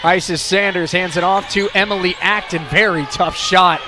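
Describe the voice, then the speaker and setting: A man calling a basketball game play-by-play, shouting excitedly and a little out of breath. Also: high voice, normal speed. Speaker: play-by-play announcer. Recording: broadcast with loud crowd and music behind. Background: crowd noise and music.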